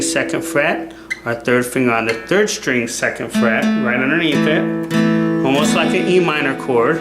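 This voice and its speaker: A man giving a casual guitar lesson, who keeps checking in with the viewer by asking "okay?". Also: mid-range voice. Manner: relaxed, repeats "okay?" to check in. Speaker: guitar teacher. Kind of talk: casual instructional talk. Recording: roomy sound with loud guitar playing. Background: guitar playing.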